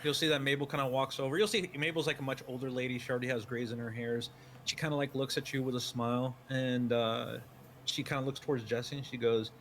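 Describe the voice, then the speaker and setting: A man running a tabletop game, narrating the scene in a loose, descriptive way with plenty of fillers. His voice sits at a middle pitch, with faint background hiss. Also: steady tone, fast talker, a bit bright. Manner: descriptive second-person narration with many fillers. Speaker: game master.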